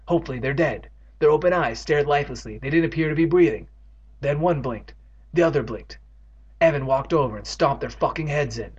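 A man's voice: mid-range voice, husky. A man reading a children's book aloud, interrupting it with sarcastic, profane jokes. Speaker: comedic reader. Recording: dull lo-fi recording.

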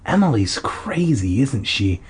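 A man doing an excited young boy, husky and loud. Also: mid-range voice, measured pace, full character voice. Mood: tender. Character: excited young boy defending his dog.

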